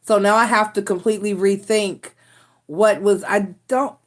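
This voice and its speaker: A woman's voice: medium pitch, fairly even intonation, normal speed. A woman hosting a casual live stream, rambling in a frustrated way with restarts and sighs. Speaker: tarot reader and live stream host.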